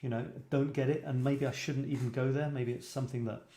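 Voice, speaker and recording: A man's voice: mid-range voice, fairly even intonation, a little fast, warm tone. Chatty British man in echoey room. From Britain. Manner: rambling, self-deprecating, chuckling asides. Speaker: host of a photography show. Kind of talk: casual livestream chat.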